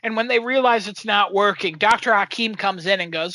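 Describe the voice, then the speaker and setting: Woman, podcast co-host, casual chat, animated and sweary, bright tone, dry close sound. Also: medium pitch, normal speed, no room sound. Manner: animated storyteller, swears freely, acts out voices.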